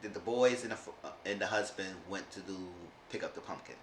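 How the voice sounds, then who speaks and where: Male recap vlogger, deepish, rambling delivery, echoey room. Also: brisk, fairly bright tone. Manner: rambling, with frequent restarts. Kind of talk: casual episode recap. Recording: roomy room with faint hiss.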